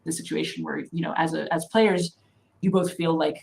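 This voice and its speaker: Woman, lowish voice, panel discussion, thoughtful, reasons step by step. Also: steady tone, moderate pace, vocal fry, a little mellow, low-quality recording. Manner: thoughtful, reasons step by step with many "you know"s.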